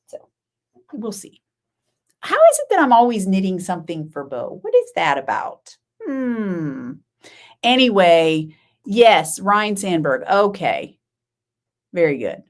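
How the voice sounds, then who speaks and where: A woman's voice: medium pitch, sing-song, a little slow. A middle-aged woman hosting a casual live-stream, chatting and rambling, often laughing and answering viewers by name. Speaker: knitting podcast host.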